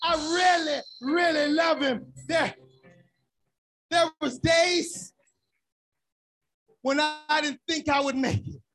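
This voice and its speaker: High-voiced woman preaching with fire. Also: steady tone, slow, pauses often. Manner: impassioned shouting preaching with repeated refrains; rhythmic call-and-response cadence. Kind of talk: sermon.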